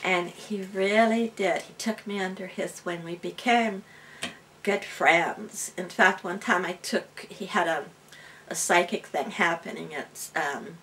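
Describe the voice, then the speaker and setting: A woman's voice: lowish voice, unhurried, a bit bright, a little hiss or hum. A woman guest, a healer and medium, telling her story in an interview and laughing often.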